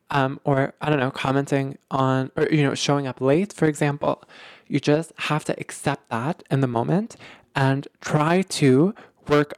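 A podcast host explaining relationship ideas in casual, animated talk, full of fillers, restarts and emphatic repeats. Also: medium pitch, no room sound, clean studio sound. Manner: animated, emphatic, lots of filler words and repetition.

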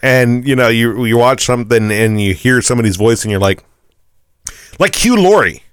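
A man's voice: medium pitch, expressive, moderate pace, clear, resonant tone, no echo, clean studio sound. A man co-hosting a casual podcast chat, easygoing and agreeable, swearing now and then. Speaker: podcast co-host. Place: room near Woodbridge, Virginia.

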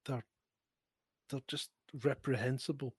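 A man's voice: mid-range voice, level tone, unhurried, breathy edge. A man in casual chat, reacting with wry, short interjections and sighs.

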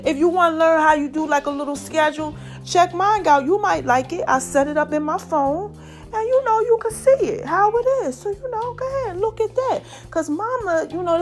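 Chatty high-voiced woman podcaster. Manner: chatty, animated, calls listeners "y'all" and "child". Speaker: podcast host. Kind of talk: casual solo podcast chat.

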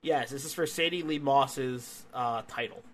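A man hosting a podcast, recapping a wrestling match in a relaxed, casual way with lots of fillers. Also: mid-range voice, a little slow. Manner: relaxed, filler-heavy play-by-play. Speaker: podcast host. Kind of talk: casual wrestling review chat.

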